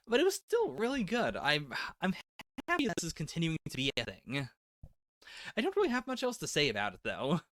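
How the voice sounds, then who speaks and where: A man's voice: on the high side, a bit bright, dry recording, clean studio sound. A man giving a casual, rambling live reaction to manga chapters, full of "like" and little laughs. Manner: rambling and chatty, lots of "like" and laughs. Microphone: laptop setup.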